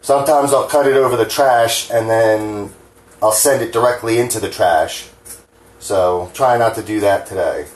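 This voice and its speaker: A man's voice: lowish voice, normal speed. A man from New Jersey chatting casually while he cooks at home, rambling and frank, swearing freely and joking at his own expense, his hands shaking a little. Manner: rambling, frank and profane, self-deprecating. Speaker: home cooking vlogger. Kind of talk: casual rambling cooking talk. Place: home kitchen. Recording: echoey kitchen with faint clatter.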